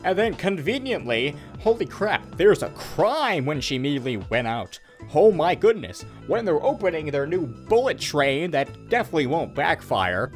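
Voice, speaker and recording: A man's voice: a little high, sing-song, normal speed, faint music behind. A young man recapping a film as a rambling, crude comedic parody, slipping in silly voices. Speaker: guest reviewer.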